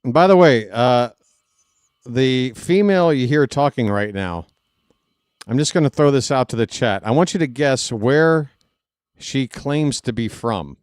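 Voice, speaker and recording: A man's voice: mid-range voice, expressive, a little slow, darkish tone, clear, resonant tone, no room sound, studio quality. A man hosting a live stream, talking to the chat in a sarcastic, mocking way. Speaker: host. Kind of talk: live stream commentary over a replayed clip.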